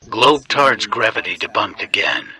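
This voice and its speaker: A man's voice: lowish voice, sing-song, normal speed, pushed and bright, low-quality recording. A man reading a sneering scripted voice-over.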